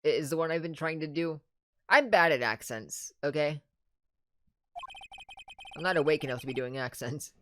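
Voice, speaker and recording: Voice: medium pitch, normal speed, long pauses, fairly bright tone, slight background noise. A game streamer casually reading dialogue and commenting on a playthrough, in a chatty, self-deprecating way.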